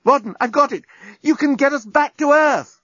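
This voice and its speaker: A man voicing an excitable young woman who talks high and eagerly. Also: normal speed, no echo, lo-fi sound. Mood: excited.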